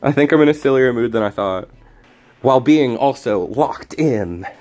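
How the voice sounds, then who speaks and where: A man's voice: mid-range voice, lively intonation, moderate pace, a little mellow. A man streaming a card game, talking through his plays in a rambling, jokey, self-deprecating way. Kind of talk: casual gameplay commentary.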